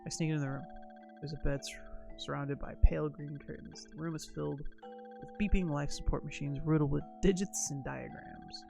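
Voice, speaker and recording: A man reading a story game aloud on his stream, tripping over words and laughing now and then. His voice is heavily gravelly and sits a bit high. Soft music plays behind him. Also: fairly even intonation, fairly quick, few pauses.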